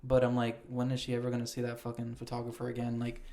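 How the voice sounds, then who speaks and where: Laid-back young man, mellow voice. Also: mid-range voice, monotone. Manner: casual, swears freely, reads names slowly. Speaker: podcast host. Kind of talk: casual chat reading award nominations.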